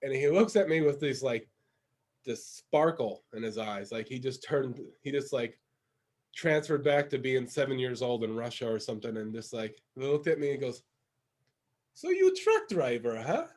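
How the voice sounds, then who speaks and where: A man hosting a casual podcast chat, telling a story in an animated way and laughing often. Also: medium pitch, moderate pace. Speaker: podcast host.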